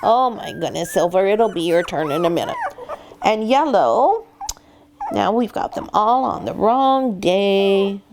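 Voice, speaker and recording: A woman's voice: mid-range voice, very animated, a little slow, slight background noise. Woman breeder coaching puppy care. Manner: warm coaxing voice with the puppies. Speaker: dog breeder. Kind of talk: instructional vlog, talking to puppies. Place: sitting in a whelping box with puppies.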